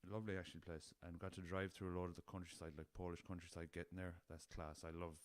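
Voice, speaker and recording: A young podcast host with a west of Ireland accent tells loose, rambling stories on his own show, peppered with swearing and chuckles. His very low voice is smooth and resonant, delivered fast and flat. The recording is dry and close, with no room sound.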